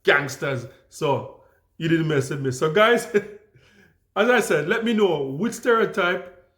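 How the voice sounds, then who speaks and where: A young Jamaican man tells stories to his viewers in a relaxed, unhurried way, full of restarts and fillers. His voice sits a bit high for a man. The room around him rings with echo. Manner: calm, easygoing, frequent restarts and fillers. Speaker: vlogger. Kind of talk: casual storytelling to camera.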